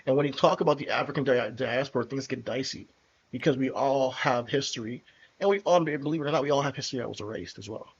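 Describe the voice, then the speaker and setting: A man from New Jersey hosting a casual podcast chat, talking in a relaxed, conversational way. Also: medium pitch, fast talker, slightly rough. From New Jersey, USA. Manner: relaxed, conversational, some restarts. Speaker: podcast host. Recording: slightly dull lo-fi audio.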